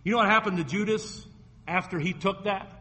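Storytelling preacher in a reverberant hall. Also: male voice, high voice, a little fast, bright, forceful tone. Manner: storytelling preacher, acts out quoted voices. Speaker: pastor. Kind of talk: sermon.

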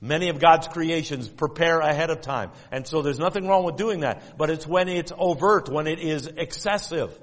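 A man delivering a sermon, teaching in a measured, emphatic way and repeating key phrases. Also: on the high side, big-room sound. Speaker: preacher.

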